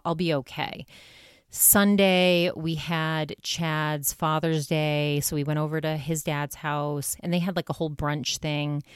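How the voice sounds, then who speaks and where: A woman's voice: deep voice, clear, resonant tone, dry recording, clean studio sound. A woman hosting her own podcast, talking casually and candidly about her week, with lots of "like" and "you know". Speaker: podcast host. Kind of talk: casual solo podcast monologue.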